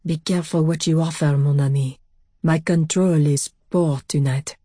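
A woman voicing a seductive male vampire master, speaking in a low whisper in an audiobook. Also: fairly even intonation, moderate pace, warm tone, no echo, clean studio sound. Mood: hushed.

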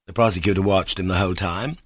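Lowish male audiobook narrator, dry sound. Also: steady tone, fast talker, husky, no room sound. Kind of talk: scripted narration.

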